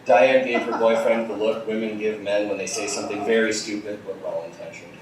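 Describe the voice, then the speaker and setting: A man reads bawdy fan fiction aloud in a small theater. His delivery stays dry and deadpan between crude jokes. The sound comes from a distance and rings around the room. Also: on the low side, fairly quick, a crowd in the background. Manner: deadpan storyteller with crude asides. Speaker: comedy reader. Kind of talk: comic live reading of fan fiction. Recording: distant, echoey live theater recording.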